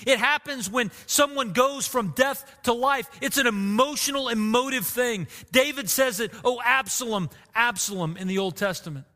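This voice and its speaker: A man's voice: extremely high pitch, moderate pace, hardly any pauses, bright, forceful tone, long reverb tail. A man preaching a sermon as pastor, earnest and emotive, repeating phrases for emphasis.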